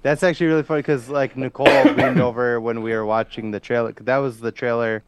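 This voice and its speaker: A man's voice: medium pitch, steady tone, a little fast, very noisy. A man co-hosting a podcast in casual chat, talking loosely with many fillers and frequent laughs. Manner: chatty, laughs often, trails off with fillers. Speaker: podcast co-host.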